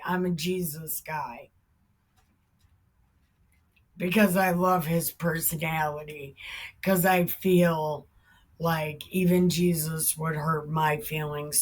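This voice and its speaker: A woman vlogger rants about scripture in a fairly low, unhurried voice. She swears freely and keeps flaring into loud shouted bursts before settling again. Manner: heated, profane, bursts into shouting. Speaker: Bible commentary vlogger. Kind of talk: ranting reaction commentary.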